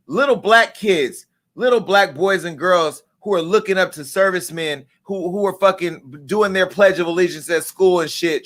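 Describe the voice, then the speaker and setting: Middle aged guy going off on a live stream, mad and cussing, kinda high voice. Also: a bit bright. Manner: angry, profane, emphatic. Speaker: host. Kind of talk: impassioned live-stream rant.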